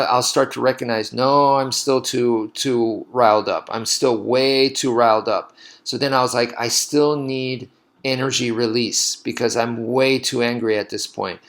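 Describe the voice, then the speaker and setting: A man who teaches martial arts, talking casually in a loose, rambling way and acting out his own past reactions. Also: mid-range voice. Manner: rambling, animated storytelling with laughs. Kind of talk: casual monologue.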